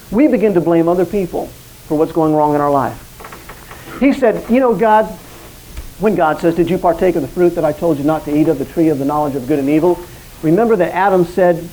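A man's voice: high-pitched, a little mellow, poor audio. A man preaching an evening sermon, speaking earnestly and directly to his listeners and acting out quoted lines.

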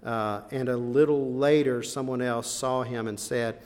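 A man's voice: medium pitch, fairly even intonation. Man preaching in a reverberant hall. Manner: dramatic, swings from hushed to loud with slow emphatic phrases. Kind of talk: sermon. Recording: long reverb of a large hall.

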